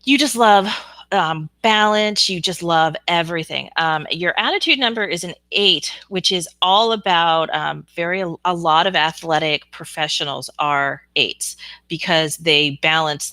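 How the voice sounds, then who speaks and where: A woman hosting a psychic reading live stream, chatting frankly and casually with viewers and filling pauses with ums. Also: low voice, bright, forceful tone, no echo.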